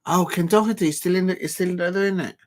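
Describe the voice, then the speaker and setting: A man hosting a casual live stream, calling a snooker match in a chatty, rambling, self-deprecating way with lots of filler pauses. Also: high-pitched, fairly even intonation, a little hiss or hum. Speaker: YouTube live-stream host.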